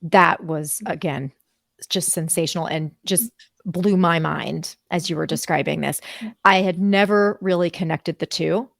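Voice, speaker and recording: A woman host of an interview show who reacts effusively and warmly to what her guest says, in a casual chat. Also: on the low side, measured pace, gravelly, no room sound, studio quality.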